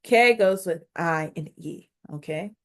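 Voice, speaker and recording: Slow, instructive woman teaching phonics. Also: on the low side. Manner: slow, instructive, sounding out syllables; encouraging, addresses learners directly. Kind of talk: phonics lesson video.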